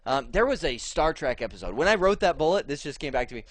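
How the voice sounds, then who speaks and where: A man walks through a cloud tech lesson in a relaxed, talkative way, often restarting his sentences. His voice sits a little high. The sound is dry and close, with no room echo. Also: fast. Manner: casual and chatty, with frequent fillers and restarts. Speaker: instructor. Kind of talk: screen-share tech lesson.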